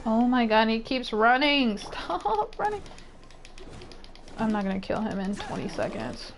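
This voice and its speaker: Excitable young woman streamer. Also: on the high side, normal speed. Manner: excitable, exclaims and rambles while gaming. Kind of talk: casual gameplay chat.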